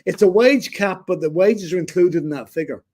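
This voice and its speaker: Mellow-voiced opinionated football fan. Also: male voice, high voice, normal speed. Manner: opinionated, rambling with restarts. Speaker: football podcast co-host. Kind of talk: casual football chat.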